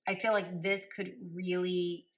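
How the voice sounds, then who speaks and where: Woman tarot reader, low voice, slow unhurried pace, repeats phrases, coaching tone. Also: little pitch movement, noisy background. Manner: speaks directly to listeners by star sign. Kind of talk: spoken collective tarot reading.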